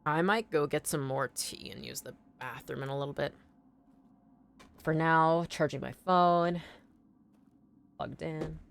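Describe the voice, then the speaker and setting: A woman's voice: sits low, unhurried, gravelly, long pauses. A young woman streaming a video game, chatting casually, thinking aloud and answering her chat. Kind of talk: casual gameplay commentary.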